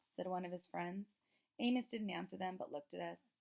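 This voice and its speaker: Lady reading a kids book out loud, steady, kinda gravelly voice. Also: lowish voice, normal speed. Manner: steady storytelling. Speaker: reader. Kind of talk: reading a novel aloud.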